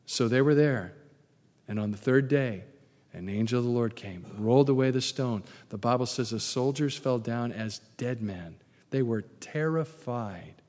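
A male pastor preaching a sermon, telling stories in an animated, emphatic way. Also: medium pitch, normal speed. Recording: long hall reverb.

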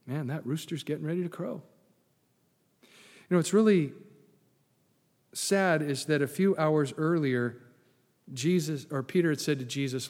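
Animated preacher man in a reverberant hall. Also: on the high side, moderate pace. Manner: animated storytelling with sarcastic asides. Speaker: pastor. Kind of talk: sermon.

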